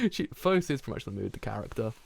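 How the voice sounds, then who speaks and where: Streamer, male, gravelly and dry-voiced, rambling reaction commentary. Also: fairly high pitch, no echo. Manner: rambling, chuckling asides. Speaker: streamer reviewing an anime.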